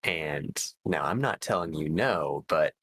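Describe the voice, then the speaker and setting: A man's voice: very deep voice, lively intonation, a little slow, fairly bright tone, no echo, poor audio. A man playing a tabletop game in character, negotiating in a hesitant way full of fillers. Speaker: player. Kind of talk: tabletop role-play in character.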